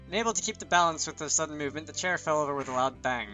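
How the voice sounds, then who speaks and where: A man reads a visual novel aloud, stopping for chatty, self-deprecating asides. His voice is bright and sits a little high, with music faint behind him. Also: very fast, lo-fi sound. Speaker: channel host.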